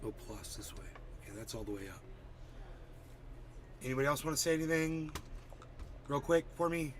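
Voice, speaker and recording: A man's voice: medium pitch, expressive, moderate pace, a little hiss or hum. A man hosting a casual livestream, chatty and a bit distracted as he greets viewers by name while fixing his settings. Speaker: livestream host.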